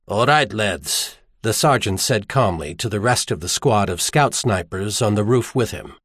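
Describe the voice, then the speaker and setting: A man narrating a novel as an audiobook in an expressive storytelling manner. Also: on the low side, moderate pace, husky, no echo, studio quality. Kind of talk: scripted narration.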